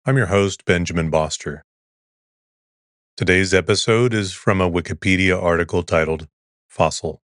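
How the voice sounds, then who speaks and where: Male podcast host, very low voice, dry close sound, soothing bedtime reader. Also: no echo. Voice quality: soothing, even. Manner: calm monotone reading of an article. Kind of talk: slow soothing sleep-podcast reading.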